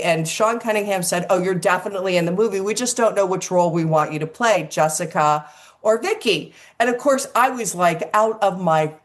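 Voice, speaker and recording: An older woman, an actress, telling lively casual stories in an interview and acting out the quotes. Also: on the low side. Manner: animated storyteller, acts out quotes, swears casually.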